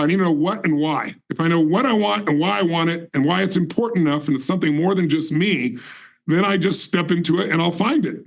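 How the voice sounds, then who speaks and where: A man in his sixties with a gravelly, rough-edged voice that sits a little high for a man. He speaks as a guest in a motivational talk, intense and certain, pressing each point home. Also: rough recording. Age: 60s. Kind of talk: motivational storytelling in conversation.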